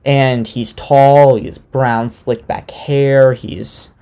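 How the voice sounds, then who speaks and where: Casual sarcastic man with a mellow voice. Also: mid-range voice, level tone, slow pace, smooth. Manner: loose, sarcastic, swears casually. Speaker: podcast host recapping a reality dating show. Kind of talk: casual chat.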